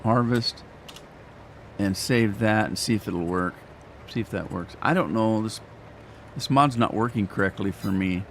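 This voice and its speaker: A man's voice: on the low side, a little slow, long pauses, slight background noise. An older man giving rambling, self-deprecating commentary while playing a farming game. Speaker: gaming streamer. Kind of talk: casual gameplay commentary.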